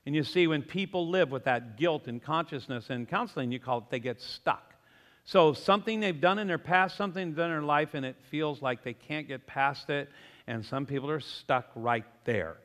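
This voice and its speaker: Male pastor, sermon, animated and emphatic, bright voice with a long hall reverb. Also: a little high, moderate pace.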